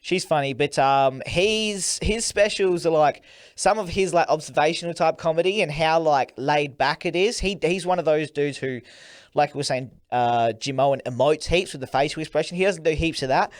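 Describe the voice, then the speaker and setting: A man's voice: on the high side, normal speed, dry recording. Sweary young man, dry sound. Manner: laid-back, sweary, laughs often. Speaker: podcast co-host. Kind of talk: casual chat.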